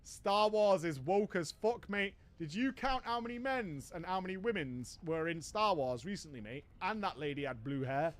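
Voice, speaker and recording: A man's voice: high-pitched, animated, normal speed, hardly any pauses. A man voicing a clueless, pleading young male gamer who keeps saying mate. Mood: oblivious. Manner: pleading, says mate constantly.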